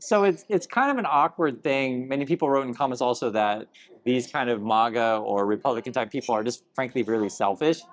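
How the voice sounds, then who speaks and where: A man's voice: medium pitch, brisk. Chatty man hosting a casual news talk. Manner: relaxed, chatty, many fillers and chuckles. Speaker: host. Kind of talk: casual news commentary chat.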